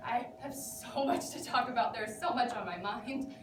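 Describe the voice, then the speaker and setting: A woman's voice: fairly high pitch, normal speed, natural voice. A young woman acting a rambling, neurotic patient who vents to her therapist in a theatrical comic monologue, giggling as she talks. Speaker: actor performing a monologue. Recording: echoey room, distant mic, background noise.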